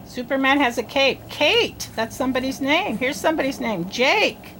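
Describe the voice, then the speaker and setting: A woman teaching children to read, sounding out letters and words slowly and asking them questions in an encouraging way. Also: high-pitched, animated, a bit bright, slight background noise. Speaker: reading teacher. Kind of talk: early reading lesson.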